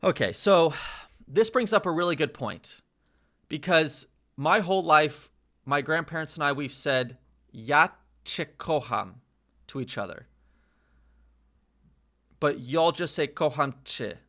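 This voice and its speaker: An American man hosting a casual live chat, slowly sounding out words with many fillers and pauses. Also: on the high side, pushed and bright. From United States. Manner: slow, hesitant, full of fillers, sounding out words. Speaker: livestream host learning Polish.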